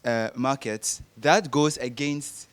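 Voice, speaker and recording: A young man explains his argument on a panel, lecturing and pausing to search for words. He speaks slowly, and his voice sounds smooth and clear. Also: medium pitch. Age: young adult. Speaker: panel guest.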